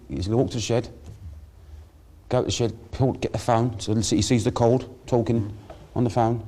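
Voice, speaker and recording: A man's voice: fairly low pitch, fairly even intonation, a little fast, dark tone. A middle-aged man in casual planning talk, laying out a scheme and acting out scenes in quoted voices. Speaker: gang member planning a staged heist.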